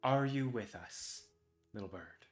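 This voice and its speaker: A man voicing an imposing brass dragonborn man in a tabletop fantasy game, calm and in control. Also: on the low side, unhurried, faint music behind. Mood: cool.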